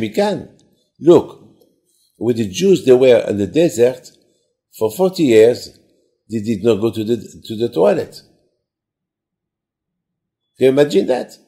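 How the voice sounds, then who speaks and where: A man giving a sermon in simple, halting speech, often repeating words and asking rhetorical questions. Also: medium pitch, dark tone.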